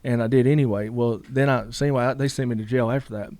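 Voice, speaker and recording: A man's voice: medium pitch, steady tone, quick pace, mellow, no echo. A man, a guest telling a long story in a casual interview, rambling with lots of "you know" asides.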